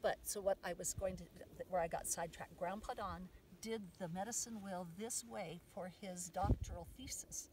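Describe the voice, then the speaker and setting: A woman's voice: fairly low pitch, normal speed, hardly any pauses, far from the mic, slight background noise, rough recording. Woman teaching outdoors, heard from afar. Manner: lively, says the affirmations out loud with emphasis. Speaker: mother teaching the medicine wheel. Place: outdoors on a sand dune.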